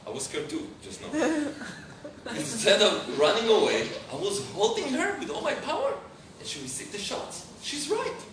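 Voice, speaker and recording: Man, rabbi, lively storytelling lecture, fairly high voice, far off mic in a roomy, noisy hall. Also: moderate pace. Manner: animated, often searching for English words. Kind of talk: storytelling lecture to a live audience.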